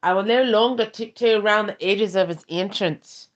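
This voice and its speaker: A poetry reader with a put-on Australian accent, done by a woman in an ASMR stream. She reads in a slow, measured way at a middling pitch. The audio is dull and lo-fi. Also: close to an everyday voice. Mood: solemn. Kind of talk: ASMR poem reading.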